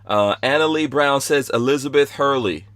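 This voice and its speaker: A man's voice: mid-range voice, moderate pace, a bit bright, dry recording. A man hosting a podcast in a rambling, playful way, reading out chat comments. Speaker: podcast host.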